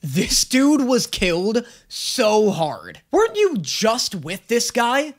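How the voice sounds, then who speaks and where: A male reaction host riffing on an anime with incredulous jokes. His pitch moves around a lot and his delivery is casual. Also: takes it slowly, a little hiss or hum. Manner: animated, joking, incredulous.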